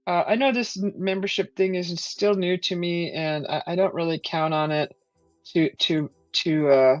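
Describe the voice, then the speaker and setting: A woman hosting a casual live stream, chatting with viewers, hesitant with many fillers and thanking viewers with excited whoops. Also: lowish voice, moderate pace, dry recording, muffled recording, faint music behind.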